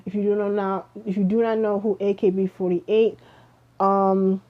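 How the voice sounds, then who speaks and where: A woman's voice: mid-range voice, little pitch movement, normal speed. A young woman vlogging a casual music review, chatty and rambling with lots of fillers, sleepy and yawning. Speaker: K-pop vlogger. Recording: dull lo-fi home recording.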